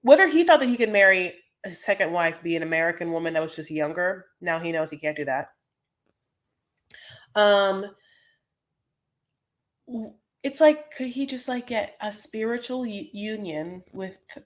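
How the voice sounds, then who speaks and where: A woman hosting a casual live recap, chatting loosely and rambling from one thought to the next. She fills her talk with "like" and "you know" and keeps breaking off into quick asides. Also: mid-range voice, expressive. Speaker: host.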